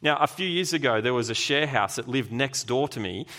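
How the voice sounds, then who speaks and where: A man preaching a sermon as pastor, lively and emphatic, with sudden loud bursts. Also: mid-range voice, brisk.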